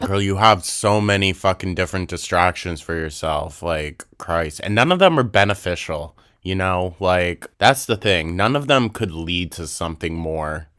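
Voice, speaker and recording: A young man in his twenties delivers snarky reaction commentary, blunt and freely swearing. His voice sits very low and comes across smooth and resonant, recorded close and dry. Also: lively intonation, normal speed, hardly any pauses, a bit bright, no room sound. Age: 20s. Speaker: commentary channel host.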